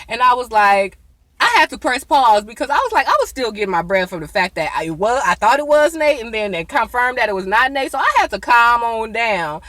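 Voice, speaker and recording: A woman, recapping a TV episode in a chatty, excitable way, often saying "y'all.". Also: mid-range voice, normal speed. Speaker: TV episode reviewer. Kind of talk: casual recap vlog.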